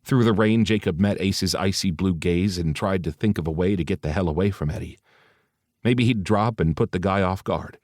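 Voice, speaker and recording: A man reading an audiobook in steady, even scripted narration. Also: low-pitched, no echo, clean studio sound.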